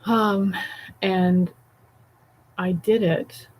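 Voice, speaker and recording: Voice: mid-range voice, fairly even intonation, drawn-out words, a little mellow, slight background noise, poor audio. A voiceover artist talking casually to camera, candid and reflective, rambling and self-deprecating.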